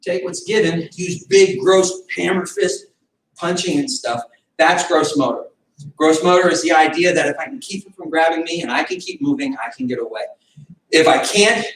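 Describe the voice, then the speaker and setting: A male martial arts instructor teaching a self-defense class, animated, acting out fight scenarios with sudden shouts. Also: fairly high pitch, normal speed, slight background noise. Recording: echoey room from far off.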